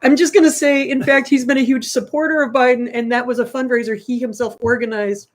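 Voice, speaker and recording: A woman's voice: on the high side, steady tone, fairly quick. A woman co-hosting a political talk show, arguing her side emphatically and repeating her point. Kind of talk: casual political debate.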